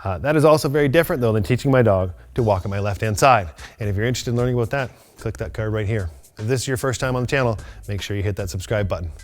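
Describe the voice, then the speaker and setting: A man teaching loose-leash walking to a dog on camera, explaining each step calmly and methodically, with bright bursts of praise. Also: medium pitch, racing. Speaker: dog trainer. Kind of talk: instructional video demonstration.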